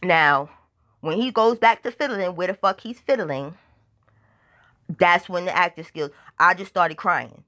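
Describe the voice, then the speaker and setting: This vlogger is a woman with a low, sharp voice who speaks a little slowly. Her casual storytime is profane and emphatic, and she keeps checking whether the listener understands.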